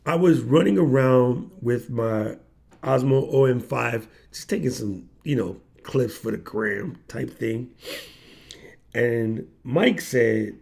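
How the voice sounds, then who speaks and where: A man's voice: mid-range voice, vocal fry. A man hosting a livestream, telling a story in casual slang and acting out the people he quotes. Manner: animated slangy storyteller, acts out quoted voices. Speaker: livestream host.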